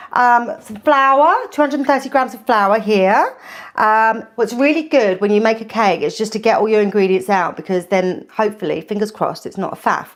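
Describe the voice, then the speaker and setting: A woman hosting a live cooking stream from her kitchen, chatty and a little nervous, with lots of ums and restarts as she greets viewers. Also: a little high. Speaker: food channel host.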